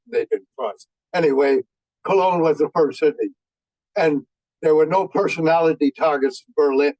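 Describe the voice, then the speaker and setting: A man in his nineties, a veteran, tells war stories in a folksy way and often pauses on fillers. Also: a little high, darkish tone, dry recording, low-quality recording. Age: 90s. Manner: folksy, halting with many fillers. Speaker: veteran speaker. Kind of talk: anecdotal war storytelling.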